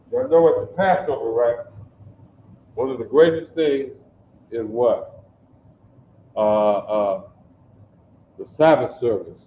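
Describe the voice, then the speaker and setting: A man's voice: mid-range voice, slight background noise. Man teaching, echoey and distant. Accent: Detroit. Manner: calls on the class, drills pronunciation slowly. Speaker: teacher of a basic Hebrew class. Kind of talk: classroom teaching. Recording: echoey room, distant dull mic.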